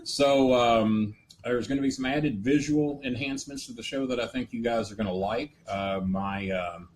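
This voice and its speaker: A man's voice: medium pitch, normal speed. An older man, hosting a casual live stream in a rambling, folksy way with joking asides. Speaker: host. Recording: faint ambient noise.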